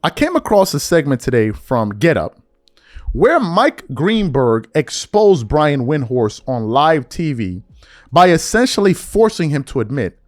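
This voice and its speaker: Animated man ranting about sports. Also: on the high side, unhurried, dry recording, studio quality. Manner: animated, mocking impressions of fans, slangy. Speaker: podcast host. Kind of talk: heated sports commentary rant.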